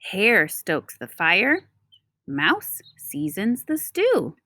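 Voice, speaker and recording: Woman reading a picture book aloud to children: very slow, lively pitch, explains words as she goes, dry sound. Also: no echo. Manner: slow, expressive, explains words to young listeners.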